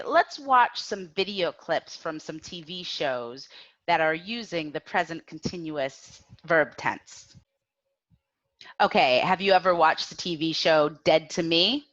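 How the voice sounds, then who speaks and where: A woman teaching a grammar lesson, speaking slowly and clearly and having learners repeat after her. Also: fairly low pitch, fairly bright tone, lo-fi sound. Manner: slow, clear, drills learners with repetition. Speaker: English teacher.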